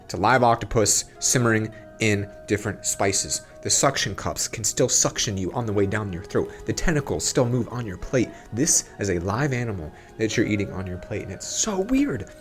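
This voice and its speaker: A young man hosting a casual commentary vlog, talking in an animated way with exaggerated disgust and chatty asides. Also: on the low side, normal speed, hardly any pauses, faint music behind. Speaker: YouTube host.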